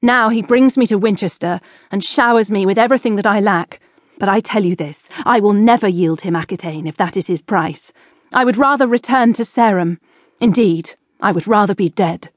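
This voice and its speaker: A woman's voice: medium pitch, normal speed, no room sound, studio quality, natural voice. A woman reading an audiobook, voicing a proud, strong-willed middle-aged queen who speaks firmly and defiantly. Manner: firm, defiant, clipped.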